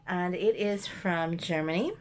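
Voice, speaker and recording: A woman's voice: fairly low pitch, measured pace. A woman chatting casually as she shows mail and thrift finds, rambling with frequent ums and restarts. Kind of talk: casual show-and-tell chat.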